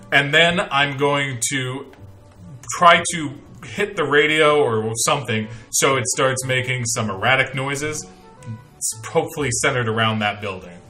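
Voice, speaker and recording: A man's voice: medium pitch, sharp tone. A man playing a tabletop game, eagerly laying out his plans step by step. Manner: eager, plotting, talks through plans step by step. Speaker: player.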